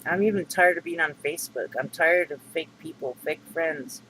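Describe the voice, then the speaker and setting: Aggrieved high-voiced middle-aged man. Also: normal speed, sharp tone, a little hiss or hum, rough recording. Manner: rambling, aggrieved, many fillers and restarts. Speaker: vlogger. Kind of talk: upset venting monologue.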